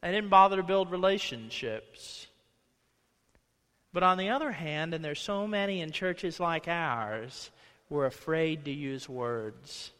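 Male pastor, high bright voice, conversational sermon with acted-out quotes, reverberant church hall. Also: slow pace, clean tone. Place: church sanctuary.

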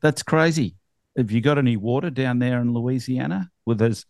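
A man's voice: medium pitch, normal speed, a little mellow, no echo. A middle-aged man with an Australian accent, hosting a podcast in casual, rambling chat full of fillers and easy laughs. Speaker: podcast host.

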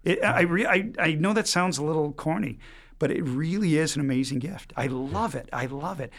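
A middle-aged man from Michigan, a priest guest, telling stories in a lively way with quick bursts and many restarts. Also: a little high. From Michigan, United States. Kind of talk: casual storytelling chat.

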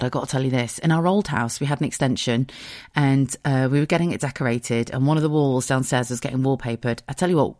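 A woman's voice: extremely low pitch, a little mellow, dry recording, clean studio sound. Tearful chatty woman podcaster. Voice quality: chatty, swears freely. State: tearful, close to crying. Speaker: podcast host. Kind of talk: casual storytelling monologue.

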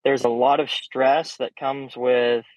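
A young man guesting on a podcast, telling stories in a casual, animated way and swearing freely. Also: medium pitch, slow pace, no echo. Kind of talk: casual storytelling chat. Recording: dull, slightly muffled sound.

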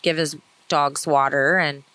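Woman, podcast co-host, calm steady storytelling, lowish pitch, dry close sound. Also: a little slow, smooth, no room sound, low-quality recording. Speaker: podcast co-host, testimony speaker. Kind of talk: casual storytelling.

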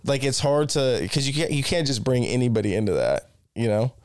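A man's voice: mid-range voice, big pitch swings, brisk, clear, resonant tone, no echo, studio quality. A man co-hosting a casual podcast, blunt and teasing, swearing often. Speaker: podcast co-host.

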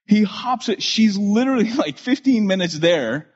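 Husky-voiced man telling church stories. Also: sits high, moderate pace. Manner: animated storyteller with many restarts and asides. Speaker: pastor. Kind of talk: storytelling sermon to a live audience. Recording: dull lo-fi recording.

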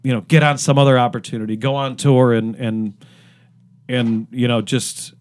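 A middle-aged man from Cleveland talks through his memories as a guest musician in a loose, casual way. He keeps restarting sentences and piles up fillers, and his voice sits at an ordinary middle pitch. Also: flat delivery, moderate pace. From Cleveland, Ohio. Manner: rambling with many fillers and restarts. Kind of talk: casual interview storytelling.

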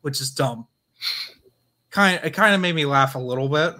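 A man co-hosting a casual film review chat, blunt and quick to call scenes dumb. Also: on the high side, bright, forceful tone, slight background noise. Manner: blunt, dismissive quips. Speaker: podcast co-host.

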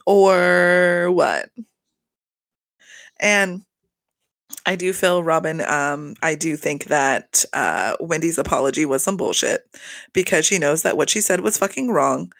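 A gravelly-voiced man dishes on a reality TV episode in a loose, gossipy recap, cursing freely and laughing along. He slips into exaggerated voices for the cast's lines. The sound is dry and close, with no room around it. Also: on the high side, a little slow, fairly bright tone, no room sound. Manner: gossipy, heavily profane, laughs often.

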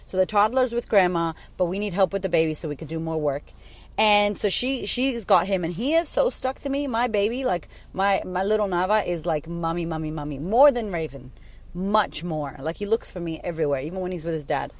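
A woman's voice: fairly low pitch, brisk. A woman in her thirties hosting a podcast for mothers, talking casually and bluntly, swearing freely as she tells stories. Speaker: podcast host and mom coach. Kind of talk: casual talk to listeners.

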